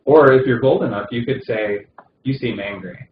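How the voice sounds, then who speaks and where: At a moderate pace and in a mid-range voice, a man teaches a recorded session on palliative care. He talks conversationally, with plenty of fillers and restarts, and the recording sounds dull and roomy with faint noise.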